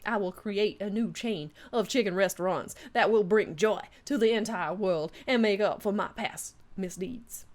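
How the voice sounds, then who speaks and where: A woman with a Southern accent voicing a proud older male Southern gentleman chef, talking in an earnest, grandiose way. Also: medium pitch, moderate pace, hardly any pauses, lightly acted.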